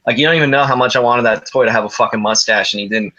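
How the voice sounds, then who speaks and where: A man's voice: mid-range voice, rapid-fire, sharp tone, highs cut off. A man co-hosting a podcast, joking and cursing in casual banter. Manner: joking, profane, teasing. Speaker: podcast co-host.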